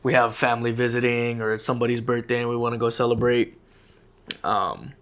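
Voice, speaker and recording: A man's voice: mid-range voice, fairly quick. A young man co-hosting a podcast, recounting things loosely in casual chat. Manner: relaxed, loose retelling with fillers and laughs. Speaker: podcast co-host.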